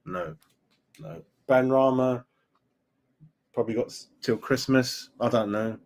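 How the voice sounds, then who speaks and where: Unhurried and creaky, a middle-aged man with a mid-pitched voice hosts a fan live stream. He chats through viewer comments with plenty of opinion, tagging his remarks with "mate" and "right?".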